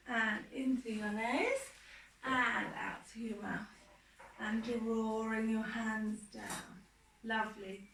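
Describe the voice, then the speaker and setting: Woman, kids' yoga teacher, slow encouraging cues, bright tone, echoey room. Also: a little high, fairly even intonation, vocal fry, recorded from a distance, a little hiss or hum. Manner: soft, encouraging step-by-step instructions. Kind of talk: guided kids' yoga class.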